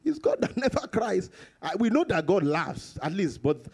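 A man preaching a sermon to his congregation, repeating phrases for emphasis and jumping into sudden high bursts and chuckles. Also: sing-song, normal speed, vocal fry, a little mellow, breathy edge. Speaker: pastor.

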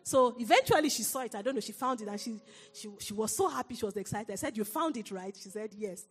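A woman preaching a sermon, telling a personal story in an animated way and laughing often. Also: a little high, quick pace, husky, long reverb tail.

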